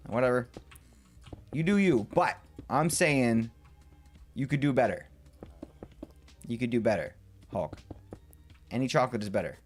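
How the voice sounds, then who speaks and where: Faint music plays behind a medium-pitched man who speaks unhurriedly with long pauses as he builds in a game on a livestream. He chats casually and excitably with viewers, rambling, ranting playfully in response to chat, and at times muttering quietly.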